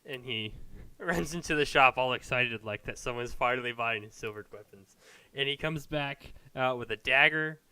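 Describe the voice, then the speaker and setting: A man's voice: mid-range voice, normal speed, sharp tone, clean tone, no room sound. A man narrating a tabletop game as game master, casual and laughing, with many fillers.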